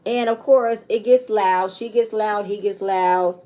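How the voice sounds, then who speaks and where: A woman's voice: mid-range voice, fairly even intonation, unhurried, dark tone. A woman casually recapping a reality TV episode, chatty and blunt, often tossing in "you know what I'm saying" and swearing freely.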